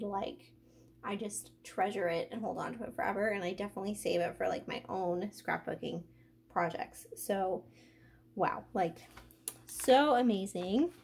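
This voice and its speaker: A young woman chatting casually as she unboxes a craft package, gushing and excited, gasping often. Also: medium pitch, unhurried. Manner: gushing, excited, many gasps and "oh my gosh". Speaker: craft vlogger.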